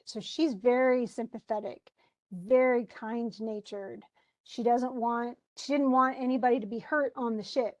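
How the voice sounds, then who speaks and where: A woman teacher with a fairly high voice talks through a play in a relaxed, chatty way. She wanders off onto side topics. She keeps translating old phrasing into simple modern words. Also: a little slow. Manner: chatty and digressive, paraphrasing old text into plain words. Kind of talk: informal lesson explaining a play.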